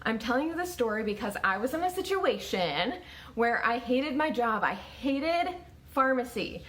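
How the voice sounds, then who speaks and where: A woman's voice: on the high side, very animated, normal speed, fairly bright tone. A woman in her thirties telling her own story to camera in a casual, conversational way, with many fillers. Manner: conversational, lots of "like" and restarts.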